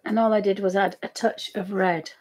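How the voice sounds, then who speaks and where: A woman's voice: mid-range voice, flat delivery, normal speed, darkish tone, a little hiss or hum. A woman hosting a live painting tutorial stream, chatty and easily amused, with apologetic asides to her viewers. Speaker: art demonstrator.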